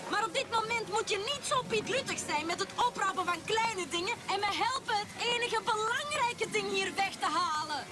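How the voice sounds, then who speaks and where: A woman's voice: extremely high pitch, expressive, a little fast, few pauses. A woman with a Flemish accent voicing a hardworking country farm pony in a cartoon dub, with a plain delivery, over music.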